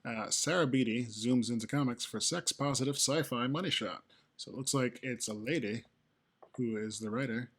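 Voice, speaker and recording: A man's voice: mid-range voice, normal speed, a bit bright. A man co-hosting a podcast, chiming in with short dry remarks and calling out the time left. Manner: brief dry interjections, calls out time left. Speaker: podcast co-host and timekeeper. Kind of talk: casual comic review chat.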